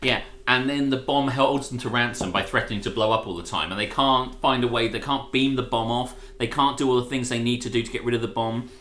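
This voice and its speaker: A man rants animatedly to his co-host, swearing freely as he tells the story. His voice is bright and forceful. It rings in a roomy space with a faint hum behind it. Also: mid-range voice, brisk, hardly any pauses. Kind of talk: casual ranting chat on a live stream.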